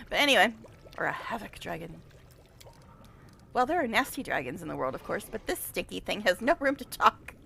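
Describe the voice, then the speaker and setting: A woman's voice: fairly high pitch, vocal fry, sharp tone, slight background noise. A woman streaming a game live, reading it aloud with chatty, laughing asides.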